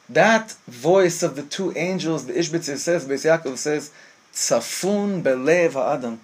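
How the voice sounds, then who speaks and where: A man giving an impassioned Torah sermon, teaching rabbinic texts and quoting them aloud, with a husky voice. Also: fairly high pitch, lively intonation, unhurried. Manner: impassioned, mixes Hebrew phrases, acts out angel voices.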